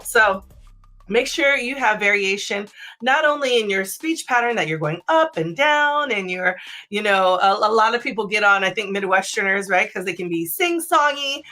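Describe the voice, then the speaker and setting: Woman host, live-stream advice chat, chatty with filler words, crisp bright voice, mid pitch, soft music in the background. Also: lively intonation. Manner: chatty, lots of fillers and "right?" tags; drops into a low slow voice to demonstrate. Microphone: streaming setup.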